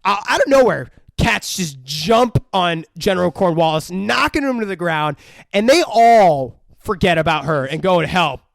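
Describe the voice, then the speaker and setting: A man's voice: sits high, lively intonation, moderate pace, vocal fry, no echo, clean studio sound. A man co-hosting a podcast, retelling a film scene by scene with lots of swearing and acted-out quotes. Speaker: podcast co-host. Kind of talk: casual film review chat.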